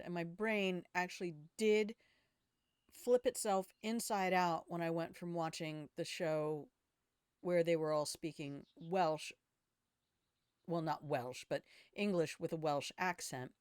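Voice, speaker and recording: Older woman streaming games, low smooth voice. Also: fairly even intonation, a little slow, no echo, clean studio sound. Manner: chatty, swears freely, thinks aloud. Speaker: game streamer. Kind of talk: casual gaming commentary.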